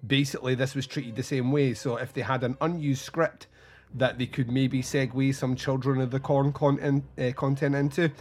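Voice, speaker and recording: A man's voice: medium pitch, little pitch movement, normal speed, darkish tone. A man hosting a podcast, chatting in an enthusiastic, easygoing way. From Scotland. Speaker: podcast host. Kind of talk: casual chat.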